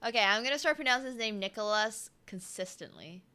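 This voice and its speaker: A woman's voice: fairly high pitch, expressive, brisk, bright, forceful tone, clear, resonant tone. A woman in her twenties commentating chess on a live stream in a casual, chatty way, humming and laughing between remarks. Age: 20s.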